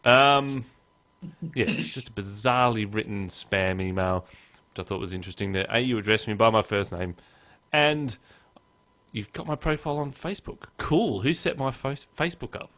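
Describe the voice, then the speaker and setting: A man's voice: on the low side, normal speed, sharp tone. A man hosting a podcast in casual chat, joking and reading texts aloud in mock voices. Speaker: podcast host.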